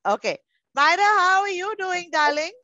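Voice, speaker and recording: This is a woman with an Indian English accent leading an online class for small children. Her voice sits high and bright, close and dry. The sound comes through a muffled video call as she coaxes each child affectionately. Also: expressive, moderate pace, no echo. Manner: coaxing, affectionate, calls children darling. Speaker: pre-school teacher.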